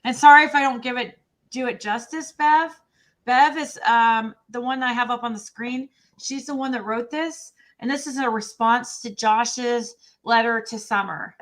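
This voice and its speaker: A woman's voice: on the high side, fairly even intonation, moderate pace, a bit bright. A woman hosting a casual livestream, talking in a chatty, self-deprecating way with frequent restarts and trailing phrases. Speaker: livestream host.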